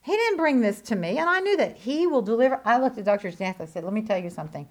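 A woman giving an animated sermon testimony, swinging between loud declarations and hushed asides. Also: sits high, fast. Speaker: preacher.

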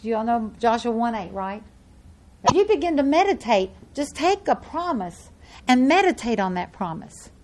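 A woman preaching a sermon and reading scripture aloud, swinging between loud emphasis and hushed, soft lines. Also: fairly high pitch, sing-song, normal speed.

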